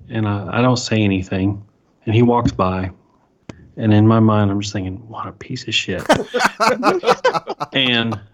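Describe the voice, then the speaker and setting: Deadpan man with a dull, lo-fi sound. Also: medium pitch. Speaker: podcast co-host. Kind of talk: casual storytelling.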